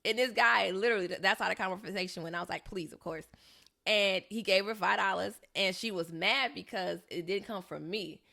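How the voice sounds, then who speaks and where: Young woman, podcast co-host, vocal fry, lively storytelling, mimics voices. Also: mid-range voice, fairly quick. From Southern California. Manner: animated, acts out quoted voices. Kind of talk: casual storytelling chat.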